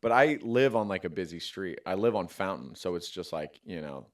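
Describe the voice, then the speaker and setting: A man, a comedian, chatting casually on a podcast and telling stories with lively acted-out quotes. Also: sits low, normal speed. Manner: animated, acts out quotes with sudden loud outbursts. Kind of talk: casual storytelling chat.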